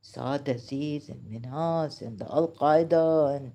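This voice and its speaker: Woman, low voice, slow and halting, emotional monologue, mellow tone. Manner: emotional, halting, with many pauses and restarts. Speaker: religious critic vlogger. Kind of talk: impassioned monologue.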